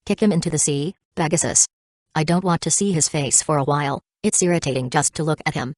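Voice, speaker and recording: A woman's voice: deep voice, a little fast, no echo, studio quality. A woman doing a sarcastic, grudge-holding young man. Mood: irritated. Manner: mock-gentle, sarcastic. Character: smiling, vindictive young man who holds grudges.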